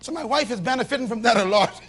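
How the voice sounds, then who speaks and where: High-voiced animated male preacher. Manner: animated, swings between shouts and low confiding tones; acts out little dialogues in different voices. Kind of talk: sermon to a live congregation. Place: church hall with a congregation.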